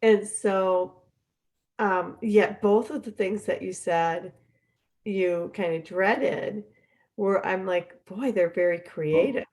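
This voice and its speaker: A middle-aged woman hosting a podcast, talking in a relaxed, chatty way with lots of fillers. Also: mid-range voice, slow pace. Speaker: podcast host. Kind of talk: casual conversational chat.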